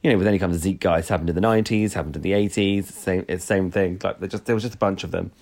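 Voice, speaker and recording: A man's voice: low-pitched, fairly even intonation, fast talker, darkish tone. A man co-hosting a podcast, rambling casually and laughing often. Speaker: podcast co-host. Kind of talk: casual chat.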